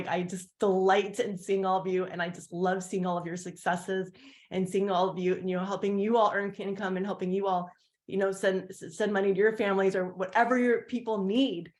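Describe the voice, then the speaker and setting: Woman, team leader, candid testimony, rambling and animated when quoting others. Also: mid-range voice, fairly quick. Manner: rambling with many fillers and restarts. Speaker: team leader sharing her story. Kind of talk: heartfelt personal testimony on a team call.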